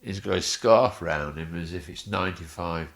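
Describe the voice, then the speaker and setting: A man's voice: low voice, normal speed, vocal fry. A male guest on a podcast who tells funny stories, chuckling often as he talks. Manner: chuckling, animated storyteller. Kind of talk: anecdotal storytelling in a podcast interview.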